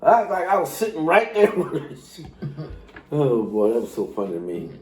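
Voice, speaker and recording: A man's voice: fairly high pitch, wildly swooping pitch, moderate pace, reverberant, a little hiss or hum. An older man telling a casual story, laughing often and acting out the voices of others.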